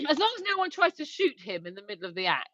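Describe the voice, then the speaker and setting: Giggly woman, lively pitch. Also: quick pace, no room sound. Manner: giggly, reads viewer comments aloud. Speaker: livestream co-host. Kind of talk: casual livestream chat. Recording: dry, slightly dull lo-fi stream audio.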